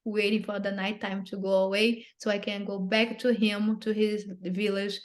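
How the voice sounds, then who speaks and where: A woman telling a personal story as an interview guest, earnest and halting, often repeating and restarting phrases, in non-native English grammar. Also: medium pitch, flat delivery.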